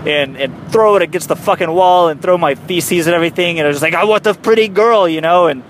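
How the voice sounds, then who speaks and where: Young guy ranting and swearing a lot while he drives, kinda high voice, bit of road hum. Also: fast talker. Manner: profane, rambling, self-mocking rants. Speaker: comedian. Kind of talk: comic monologue recorded while driving. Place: in a car on a highway.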